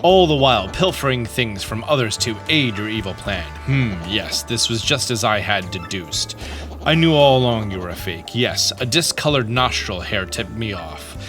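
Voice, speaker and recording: A man voicing a pompous, self-assured male detective in a lowered, slow voice. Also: animated, over music, close to an everyday voice.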